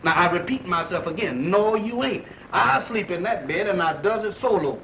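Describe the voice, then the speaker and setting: A jittery, easily panicked bedfellow. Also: male voice, normal speed, distant mic. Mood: wary. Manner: high, excitable, rising to frightened yelps. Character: jittery man guarding his bed, easily panicked. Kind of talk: 1940s film comedy acting. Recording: dull old film soundtrack with hiss.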